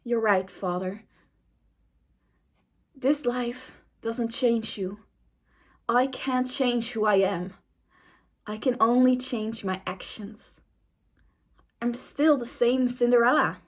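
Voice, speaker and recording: A headstrong young princess who barks orders in a raised, higher voice, played by a woman reading a story aloud. She sounds sure of herself, with plenty of bossy force. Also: slow pace, long pauses. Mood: solemn. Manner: loud and bossy when defiant, higher voice. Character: defiant young princess Cinderella.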